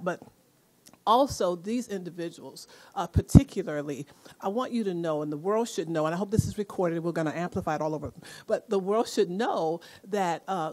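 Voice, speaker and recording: Brief: woman university executive, lower voice, upbeat event emcee rallying the crowd. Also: darkish tone. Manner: enthusiastic, rallying the audience. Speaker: university senior vice president, event emcee. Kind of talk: event welcome speech. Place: event hall.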